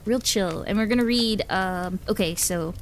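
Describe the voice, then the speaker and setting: A woman's voice: mid-range voice, moderate pace, slight background noise. Giggly chatty woman streamer. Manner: chatty, giggly, rambling with restarts. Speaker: livestreamer. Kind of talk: casual chat with live chat.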